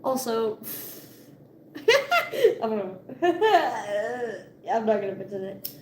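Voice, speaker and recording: High-voiced chatty young woman vlogging. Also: expressive, extremely slow, a little hiss or hum. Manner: chatty, swearing, laughing often. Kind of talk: casual chat. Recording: echoey room with faint ambience.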